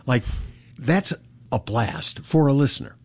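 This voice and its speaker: Husky-voiced male interview host. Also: medium pitch, expressive, measured pace, darkish tone. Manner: curious, asks probing questions. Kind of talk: casual interview.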